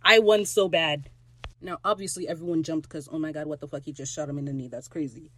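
A podcast host recapping an episode in a casual solo rant, excitable and gushing, swearing freely and swinging between loud squeals and low asides. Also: fairly quick, no echo.

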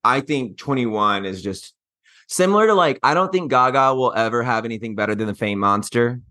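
A man from Mississippi co-hosting a podcast, chatting in a snarky, animated way. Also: mid-range voice, brisk, no echo, clean studio sound. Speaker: podcast co-host. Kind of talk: casual chat.

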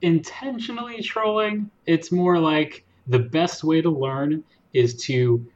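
A man's voice: fairly high pitch, slow pace, darkish tone, lo-fi sound. A man hosting a casual podcast, explaining things playfully like a teacher. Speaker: podcast host.

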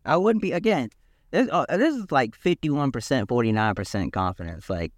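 A man's voice: mid-range voice, very animated, moderate pace, no echo, clean studio sound. Emphatic man in casual sports talk. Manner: emphatic, repeats key words, restarts often. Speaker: podcast co-host.

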